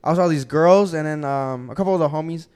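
A young man hosting a podcast, telling a profane, animated story and acting out the quotes in casual chat. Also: fairly high pitch, fast talker, clean tone. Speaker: podcast host.

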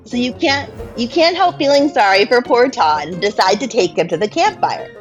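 A woman's voice: fairly high pitch, very animated, normal speed, lo-fi sound, soft background music. A woman hosting a podcast, playfully reading an interactive adventure story aloud and laughing often. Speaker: podcast host and story reader.

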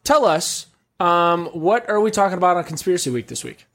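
A man hosting a casual chat podcast, rambling through his points and swearing often. His voice sits a bit high. He trades joking jabs with his co-hosts. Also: sing-song, a little fast, fairly bright tone. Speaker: podcast host.

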